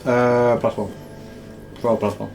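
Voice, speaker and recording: A man's voice: mid-range voice, little pitch movement, slow pace, creaky, darkish tone, soft background music. A man playing a tabletop game in casual chat, who jokes and asks questions. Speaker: player.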